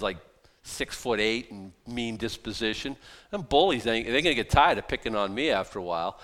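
A man preaching a sermon as a pastor, emphatic and blunt, mocking excuses in quick put-on voices. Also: mid-range voice, fairly bright tone.

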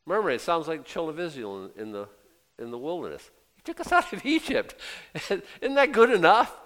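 A man's voice: on the high side, very animated, a little fast, a bit bright. Older guy preaching, chatty, voice bouncing all over, does little voices for quotes. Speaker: pastor. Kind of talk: sermon.

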